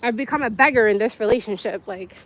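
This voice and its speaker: A woman's voice: a little high, fast. A young woman hosting a casual livestream from her phone, talking candidly with viewers in a rambling way and laughing often. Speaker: livestream host. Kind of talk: casual live-stream chat with viewers.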